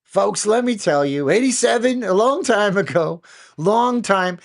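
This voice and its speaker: A man doing an impression of a blustering male politician, with a drawn-out, nasal, boastful delivery. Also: high voice, lively intonation, fairly bright tone, voice pushed up, exaggerated voice. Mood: blustery.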